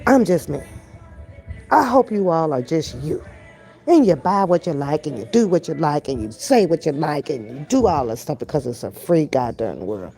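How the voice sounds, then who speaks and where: A woman's voice: deep voice, very animated, normal speed, dark tone, faint music behind. An older woman chatting bluntly to her viewers from her kitchen, profane and emphatic, stretching out her words. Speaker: reaction channel host. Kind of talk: casual commentary to viewers. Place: home kitchen.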